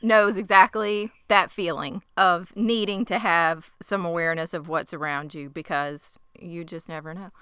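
A woman co-hosting a podcast in casual chat, chatty and teasing, quick to laugh. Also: fairly low pitch, steady tone, fairly bright tone, smooth, no echo, studio quality. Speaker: podcast co-host.

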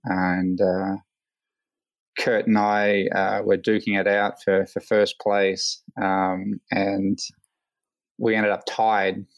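An Australian man, a hang glider pilot, telling a story as a guest in a casual interview, full of fillers and lively quoted voices. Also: fairly low pitch, slow, no echo, poor audio. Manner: rambling, many fillers, animated quoting.

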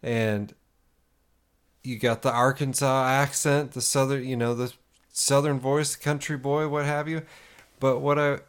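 Podcast guy talking slow, halting, lots of you know. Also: mid-range voice, fairly even intonation, smooth. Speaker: podcast co-host. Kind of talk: casual podcast talk.

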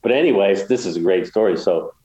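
Deep, dark-voiced man telling a story. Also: animated, brisk, roomy sound, dull audio. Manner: rambling, many restarts, emotional. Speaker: guest, golf course builder. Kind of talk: casual storytelling interview.

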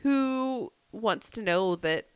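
A woman's voice: fairly high pitch, animated, slow pace, a little hiss or hum. A woman, co-hosting a podcast and telling a wild story in a jokey, laughing way. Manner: laughing, jokey retelling with quoted voices. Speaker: podcast co-host. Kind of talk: casual storytelling chat.

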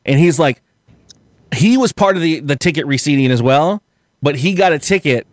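A man on a podcast tells a story with animated energy, swearing and acting out the voices of the people in it. His voice sits fairly high. The recording is dry and close, with no room sound. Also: normal speed, no echo. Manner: animated, swearing, acts out quotes. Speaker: podcast host. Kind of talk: casual storytelling chat.

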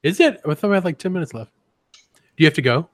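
A man's voice: a little high, expressive, quick pace, no room sound. A man co-hosting a comedy podcast, rambling and crude in casual chat, often breaking into giggles. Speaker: podcast co-host.

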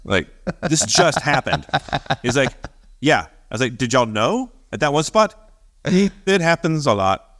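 A man co-hosting a podcast, telling a story in casual chat, animated, acting out the voices of the people he quotes and laughing often. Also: mid-range voice, measured pace. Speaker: podcast co-host.

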